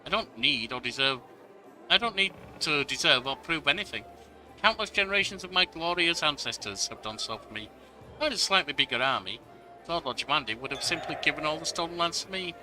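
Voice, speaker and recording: A man's voice: on the high side, lively intonation, a little fast, pushed and bright, soft background music. A man reading an arrogant nobleman's lines aloud in a haughty, offhand manner. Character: arrogant, bored young male baron.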